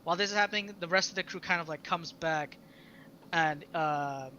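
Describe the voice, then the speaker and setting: A man narrates a tabletop game as its game master in a relaxed, offhand way. His voice is bright and sits a little high. A faint hiss stays in the background. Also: normal speed, lo-fi sound. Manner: loose, chatty narration full of "like".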